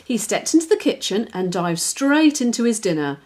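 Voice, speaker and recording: A woman, a children's author, reading her own picture book aloud in a lively, expressive storytelling way. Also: a little high, moderate pace.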